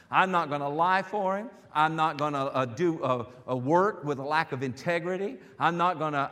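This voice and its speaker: High-voiced man preaching in a reverberant hall. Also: fairly bright tone. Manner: preaching with rising fervor, calls and responses. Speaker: pastor. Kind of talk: sermon. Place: church sanctuary.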